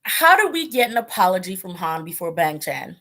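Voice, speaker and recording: A woman's voice: on the low side, sing-song, a little fast, fairly bright tone. Chatty woman livestreaming, rambling. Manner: chatty and rambling, with frequent fillers and laughs; acts out her own reactions in quoted voices. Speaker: tarot reader hosting a live stream. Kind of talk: casual livestream chat.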